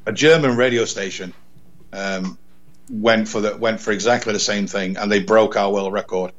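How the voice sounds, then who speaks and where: A man from England, a radio presenter, telling an animated story in casual chat, repeating words and acting out dialogue. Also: lowish voice, normal speed, muffled recording. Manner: rambling, repeats words, acts out quoted dialogue. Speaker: radio presenter, podcast guest.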